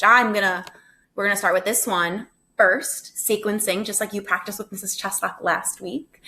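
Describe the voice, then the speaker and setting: A woman's voice: mid-range voice, fairly bright tone. A woman teacher giving a recorded phonics lesson to first graders, upbeat, chatty and encouraging.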